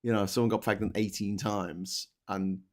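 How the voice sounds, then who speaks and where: Sweary British man, lowish voice. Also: steady tone, moderate pace, a little mellow. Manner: blunt, sweary, rambling with restarts. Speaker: co-host reading viewer comments. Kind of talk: casual live-stream chat.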